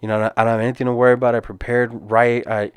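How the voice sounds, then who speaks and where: A man's voice: mid-range voice, flat delivery, fast, clear, resonant tone, no echo. Earnest man telling a fight story. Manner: earnest, casual, many restarts and repeated words. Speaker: podcast host and MMA fighter. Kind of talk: personal storytelling.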